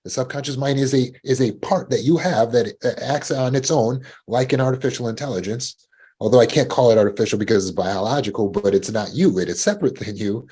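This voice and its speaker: A man's voice: mid-range voice, fairly quick, warm tone, breathy edge. A man coaching listeners about panic, in a teaching talk, who acts out anxious inner voices in a rising tone and repeats words as he restarts. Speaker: trauma recovery coach.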